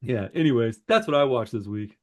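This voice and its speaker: A man co-hosting a podcast, telling a story in a rambling, animated way, peppered with swearing and "bro" and "dude.". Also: mid-range voice, brisk. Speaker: podcast co-host. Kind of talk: casual chat.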